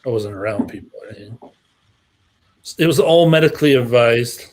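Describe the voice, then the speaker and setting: A man's voice: medium pitch, lively intonation, a little fast, background noise. A middle-aged man co-hosting a fragrance live stream, rambling and joking through a story over a video call. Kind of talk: casual group video chat.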